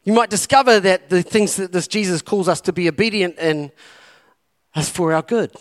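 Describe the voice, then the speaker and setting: Male pastor, high-pitched, preaching an impassioned sermon full of repeated exhortations. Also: moderate pace. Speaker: campus pastor.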